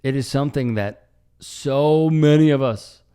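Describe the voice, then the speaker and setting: A man's voice: medium pitch, a little slow, mellow, clear, resonant tone. A man hosting online news commentary, emphatic and sarcastic, with an indignant edge. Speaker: commentary host.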